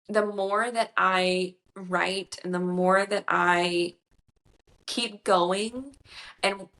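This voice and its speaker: A woman author talking casually in an interview, chatty and emotional, acting out what others told her in lively voices. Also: fairly low pitch, vocal fry. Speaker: author guest.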